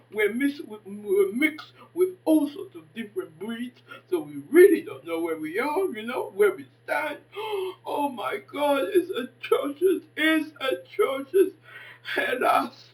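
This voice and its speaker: A woman in her fifties giving an impassioned monologue, dramatic and exclaiming, swinging between hushed and loud. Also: a little high, distant mic, poor audio. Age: 50s. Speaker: poet and commentator.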